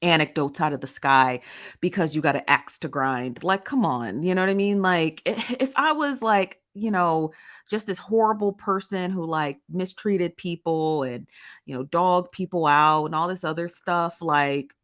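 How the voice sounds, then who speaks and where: A chatty young woman hosting a casual live stream, greeting her viewers by name and riffing on their comments. Her voice sits a little low for a woman, and her delivery is loose, playful and full of slang. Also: fairly bright tone. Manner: chatty, laughs often, drawn-out Southern-style slang, reads comments aloud. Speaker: host of a live gossip show.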